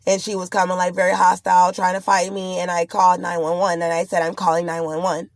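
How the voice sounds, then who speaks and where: A pregnant woman vlogs to camera about a frightening experience, rambling urgently and sounding afraid. Her fairly low voice is monotone and fast, with no room sound in the recording.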